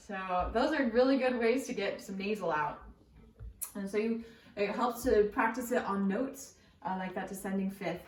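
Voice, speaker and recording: A woman voice teacher explaining warm-ups in a relaxed, chatty way, with frequent ums and likes. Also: medium pitch, measured pace. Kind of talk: casual spoken singing lesson. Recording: roomy echo from a distant mic.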